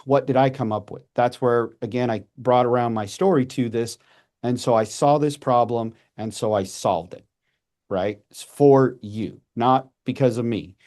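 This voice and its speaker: Mellow-voiced man in his forties. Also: mid-range voice. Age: 40s. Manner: animated, with quick restarts and acted-out asides. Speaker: podcast guest, messaging coach. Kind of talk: casual conversational advice.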